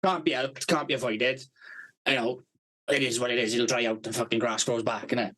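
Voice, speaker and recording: A man's voice: medium pitch, steady tone, fairly quick, a bit bright, rough recording. A man co-hosting a podcast, telling rambling work stories in casual chat and swearing constantly with a blunt, brash manner. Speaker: podcast co-host.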